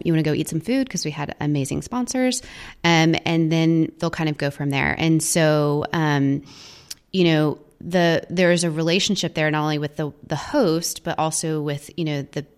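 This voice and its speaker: A woman's voice: low-pitched, clear, resonant tone. A woman guest in a studio interview, telling stories about her charity event in a chatty way, full of fillers and quoted voices. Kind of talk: casual storytelling interview.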